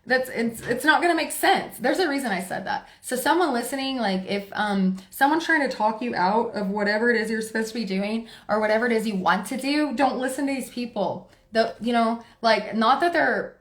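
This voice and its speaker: A woman giving a casual tarot reading to camera, talking in a forceful, excitable way and laughing often. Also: fairly high pitch, fairly quick, few pauses. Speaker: tarot card reader. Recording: roomy echo, faint music behind.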